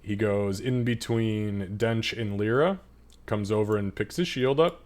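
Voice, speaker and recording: A man's voice: on the low side, unhurried, a little mellow. A man narrating a tabletop game as game master in a loose, profane, filler-heavy way.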